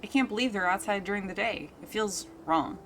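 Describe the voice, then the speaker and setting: A woman's voice: medium pitch, brisk, slight background noise, natural voice, poor audio. A woman voicing a chatty, wry young woman worried about her missing best friend.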